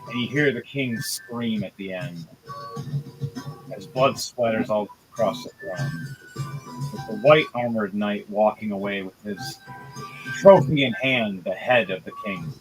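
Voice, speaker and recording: A man narrating a tabletop game as game master, telling the story unhurriedly with filler pauses. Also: on the low side, poor audio. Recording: loud background music.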